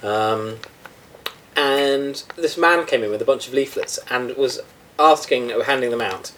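A man's voice: mid-range voice, unhurried, a bit bright, poor audio. Playful man, faint hiss. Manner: playful, teasing, giggly. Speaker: podcast co-host. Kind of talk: casual chat.

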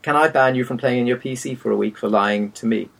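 Gravelly man with dry quips. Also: medium pitch, quick pace, a bit bright. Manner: dry teasing quips, short listener replies. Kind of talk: casual chat.

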